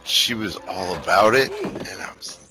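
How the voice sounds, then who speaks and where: A man's voice: deep voice, moderate pace, pushed and bright, rough recording. A man on a casual movie podcast, telling anecdotes with quoted lines, laughing often and swearing. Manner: laughing, profane, tells anecdotes with quoted dialogue. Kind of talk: casual movie commentary chat.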